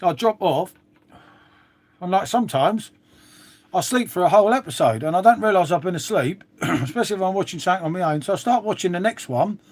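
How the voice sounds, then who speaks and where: A man's voice: sits high, expressive, fairly quick. A middle-aged man chatting casually to viewers on a live stream, swearing freely and trailing off into asides. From England. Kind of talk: rambling casual chat to viewers.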